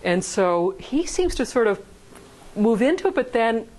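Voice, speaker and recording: A woman violinist in a casual rehearsal discussion, talking quickly and singing phrases aloud to explain them. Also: a little high, big pitch swings, poor audio. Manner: quick, sings phrases out loud while explaining.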